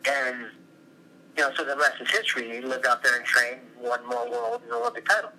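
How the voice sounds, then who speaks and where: A middle-aged former wrestler and coach, talking from his office, telling long, animated stories as an interview guest. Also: medium pitch, fairly quick, gravelly, a little hiss or hum, low-quality recording. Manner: rambling, animated storytelling.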